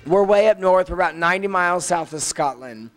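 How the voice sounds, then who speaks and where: A man's voice: high voice, animated, brisk, faint music behind, low-quality recording. A young man as an interview guest, chatting casually with gossipy, blunt talk and free swearing.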